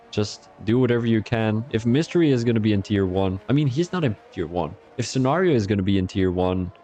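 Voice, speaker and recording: A man's voice: on the low side, dark tone. A young man from Belgium, giving chatty live-stream commentary on an online racing league and talking to his chat between calls.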